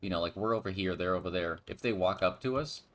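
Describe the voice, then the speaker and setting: Rambling low-voiced man chatting over a game. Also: quick pace, a bit bright, slight background noise. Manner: rambling, with many restarts and sudden bursts. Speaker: stream co-commentator. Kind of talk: casual gaming chat.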